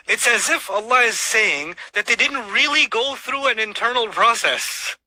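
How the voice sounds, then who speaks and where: A man delivers an animated religious lecture in a high, sharp voice. He throws rhetorical questions at his listeners and races through Arabic verses. The sound is dry and close. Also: no room sound, poor audio. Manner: recites Arabic verses rapidly. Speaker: Islamic speaker.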